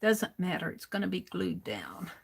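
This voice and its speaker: A woman's voice: lowish voice, very animated, moderate pace, vocal fry, breathy edge. A woman streaming her art journaling, chatting casually and talking to herself as she works. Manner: talks to herself, rambling and self-amused. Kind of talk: casual chatter while crafting.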